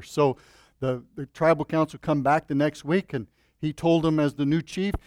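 A man's voice: fairly high pitch, fairly even intonation, normal speed, a little mellow, dry recording, studio quality. A man preaching as a pastor at a church service, praying earnestly and then telling a folksy joke with many fillers and restarts. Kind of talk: sermon with opening prayer.

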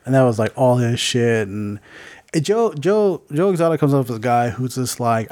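A young man co-hosting a podcast, chatting casually in a rambling, animated way, with lots of fillers and swearing. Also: mid-range voice, normal speed. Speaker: podcast co-host. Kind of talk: casual chat.

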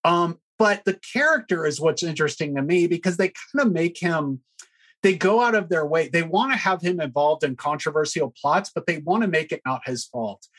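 A podcast host chatting casually in a mocking, animated way. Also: medium pitch. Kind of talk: casual chat.

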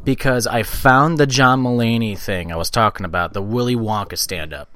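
A man's voice: mid-range voice, normal speed, no echo. A man hosting a podcast in casual chat, joking and swearing freely. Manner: joking, profane, lively. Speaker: podcast host.

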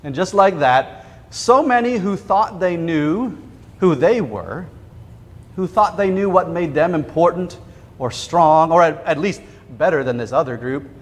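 Male pastor, slightly high voice, storytelling sermon with acted quotes, echoing sanctuary. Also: expressive. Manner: vivid retelling with quoted voices and dramatic pauses. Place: church sanctuary. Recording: long church reverb.

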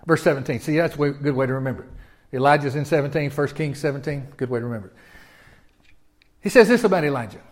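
A man preaching a sermon in a folksy, animated way, often asking his listeners questions. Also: medium pitch, fast talker. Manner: folksy and animated, with repeated restarts and audience questions. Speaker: pastor.

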